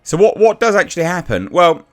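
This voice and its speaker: A man's voice: high voice, big pitch swings, a little fast, a bit bright, faint music behind. A man giving a blunt, exasperated casual review rant, with frequent restarts and swearing.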